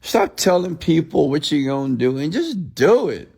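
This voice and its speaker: A man with a fairly high, sing-song voice, darkish tone, breathy edge, and vocal fry speaks at a normal pace. As a motivational speaker ranting bluntly and profanely late at night, he quotes people's excuses and mocks them in a raised, mimicking voice.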